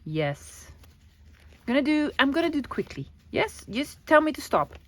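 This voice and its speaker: A woman's voice: high voice, sing-song, moderate pace. Gushing woman. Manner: gushing, chatty, exclaims "oi". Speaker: craft vlogger. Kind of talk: casual show-and-tell.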